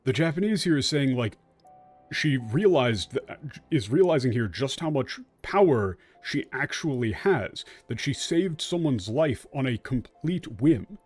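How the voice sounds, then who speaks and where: A man streaming a game, casually explaining the translation in an animated, blunt and sarcastic way. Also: medium pitch, measured pace, slightly rough, faint music behind. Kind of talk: casual gameplay commentary.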